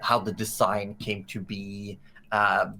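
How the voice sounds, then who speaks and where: Unhurried man running a tabletop game. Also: lowish voice, level tone, vocal fry, bright, forceful tone, a little hiss or hum. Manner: loose, conversational narration with fillers. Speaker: game master.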